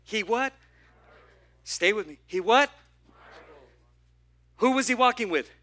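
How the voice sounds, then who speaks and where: A man preaching a lively sermon at a church service. He acts out the people in his story and asks the congregation questions. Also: high-pitched, slow pace. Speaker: pastor.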